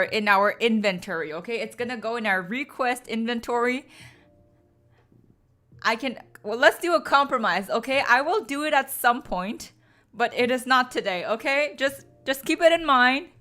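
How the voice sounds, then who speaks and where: A woman's voice: fairly high pitch, sharp tone. A woman chatting casually on a stream, pleading and groaning with exaggerated drama to her viewers. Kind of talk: casual live-stream chat.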